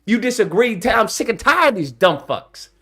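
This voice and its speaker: A channel host launches into a heated, profane, confrontational rant aimed straight at his audience. His voice sits high and is very animated, bright and forceful, with a slightly rough edge, and he talks at a normal speed.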